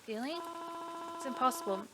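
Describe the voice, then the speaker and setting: A woman voicing a grieving elderly mother at a funeral in a game, speaking gently and politely. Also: fairly high pitch, lively intonation, brisk, lightly acted. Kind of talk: visual novel read aloud. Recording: noisy background.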